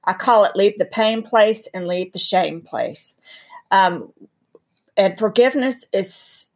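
A woman's voice: medium pitch, slow pace. A woman from North Carolina with a Southern accent, a guest teaching about faith in an emphatic, storytelling, preacherly way. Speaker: guest speaker. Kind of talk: earnest faith teaching in conversation.

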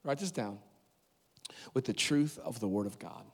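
A man preaching a sermon at a church service, animated, with loud emphatic peaks and quick asides. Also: medium pitch. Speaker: pastor. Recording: long reverb of a large hall.

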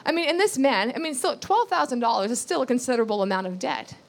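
A woman's voice: fairly high pitch, fast talker. A woman giving a sermon, reading scripture aloud and explaining it earnestly, repeating key phrases and asking rhetorical questions. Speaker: Bible teacher.

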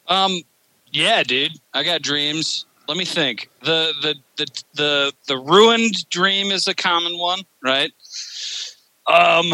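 A man's voice: on the high side, bright, forceful tone, no room sound, rough recording. A man hosting a podcast, telling a rambling, profane story full of fillers in casual chat. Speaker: podcast host.

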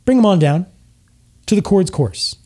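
A man voicing a flashy male half-elf resort founder in a peppy advertising pitch. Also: lively intonation, moderate pace, mellow, slightly rough. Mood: upbeat salesy.

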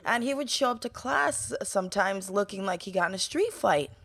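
A woman's voice: medium pitch, expressive, moderate pace, creaky, fairly bright tone. A woman from New York, a guest in a casual interview, telling a long story in a chatty way and acting out the voices of the people in it.

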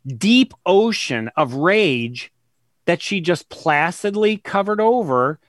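A man, a guest author, explaining his ideas in an interview, earnest and emphatic, slowing down to stress key words and retelling conversations as examples. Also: high-pitched, lively intonation, a bit bright, no room sound, studio quality.

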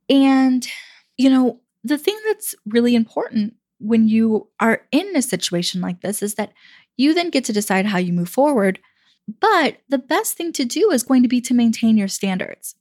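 A woman's voice: on the high side, darkish tone, dry recording, clean studio sound. A young adult woman giving dating advice in a chatty, casual monologue, often acting out what people say. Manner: chatty, acts out quoted voices, fillers like "you know". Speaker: dating coach.

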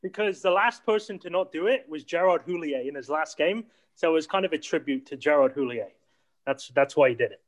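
Man, high voice, casual podcast chat, laughs a lot, curses freely. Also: fairly quick. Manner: laughing, swearing, excitable.

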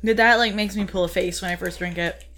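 A chatty woman in a casual chat over whiskey, talking with lots of fillers and animated asides. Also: medium pitch, quick pace.

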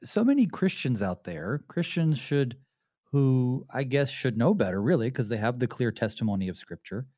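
A man's voice: mid-range voice, very animated, moderate pace, mellow, no room sound, studio quality. A man, a pastor hosting a talk show, speaking in a reflective, candid way with some fillers. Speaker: pastor and radio host. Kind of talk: conversational theology discussion.

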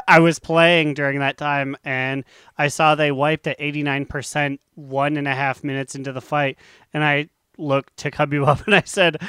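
Higher, crisp-voiced man on dry mic. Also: flat delivery, normal speed, pushed and bright, no echo. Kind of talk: casual podcast chat.

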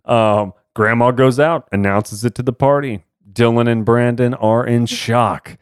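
A man's voice: medium pitch, a little slow, clean tone, dry recording, clean studio sound. A man in his thirties, co-hosting a casual podcast, recapping a TV episode with lots of swearing and laughter. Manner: animated, swearing, frequent laughs. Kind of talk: casual chat.

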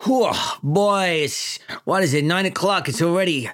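A man's voice: high voice, unhurried, a bit bright. Man putting on a brash New York police chief. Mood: jovial. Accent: put-on New York. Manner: brash, bossy, wheezy sighs. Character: gruff middle-aged male police chief. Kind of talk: tabletop game character voice.

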